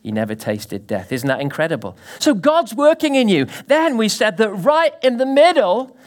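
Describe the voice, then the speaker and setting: Delivering a sermon to his congregation, a high-pitched male pastor speaks with animation, his delivery marked by sudden rises and falls. He often directs questions at those listening.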